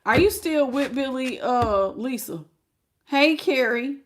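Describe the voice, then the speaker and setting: A woman's voice: high-pitched, animated, takes it slowly. Chatty woman doing a live tarot reading. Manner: chatty, greets viewers by name, frank and folksy; calls viewers baby, talks straight to them. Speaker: tarot reader.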